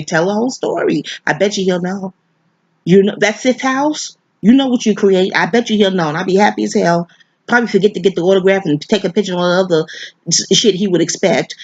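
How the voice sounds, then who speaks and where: Husky, groggy woman ranting casually. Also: medium pitch, no echo. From New York. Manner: profane, digressive, emphatic. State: groggy, sleepy. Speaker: vlogger reviewing a movie. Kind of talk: rambling casual monologue. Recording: slightly dull, dry recording.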